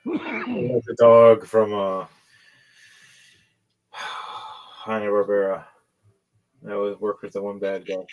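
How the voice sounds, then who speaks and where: A man running a tabletop game as game master, telling the story in a rambling, excitable and profane way. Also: fairly low pitch, slow pace, pauses often, highs cut off.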